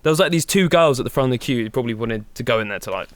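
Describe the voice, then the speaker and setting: A young man co-hosting a podcast, telling a long story in an animated way, swearing a lot and acting out his own panic. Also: mid-range voice, very fast. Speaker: podcast co-host. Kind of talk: casual storytelling.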